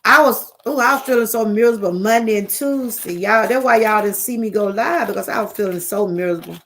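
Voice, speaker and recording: This livestream host is a middle-aged woman with a Southern US accent and a mid-range, fairly bright voice that runs a little fast. She chats casually in a rambling, repetitive way, calling everyone y'all.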